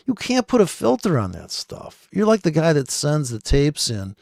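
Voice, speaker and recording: A man's voice: fairly high pitch, huge pitch swings, moderate pace, gravelly, darkish tone, no echo, clean studio sound. A man giving rambling, sarcastic, profane commentary on forex charts. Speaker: forex trader. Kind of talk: casual screen-share trading commentary.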